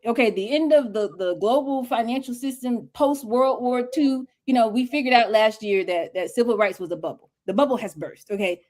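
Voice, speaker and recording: A woman speaking as a guest mentor on a livestream interview, talking in an emphatic, preachy, colloquial way over a video call. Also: a little high.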